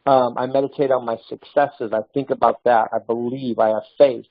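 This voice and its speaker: A man, sales trainer, talks through his own stories in a casual motivational way, often restarting his sentences as he goes. His voice sits in a middle pitch. The recording is dry and a bit dull, like lo-fi. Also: moderate pace, no echo. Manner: storytelling, animated with restarts.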